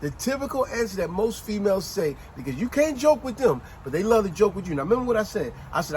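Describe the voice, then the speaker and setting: Animated man telling a story in street slang. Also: high-pitched, fast, hardly any pauses, slight background noise, rough recording. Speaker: host. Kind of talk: casual book review chat.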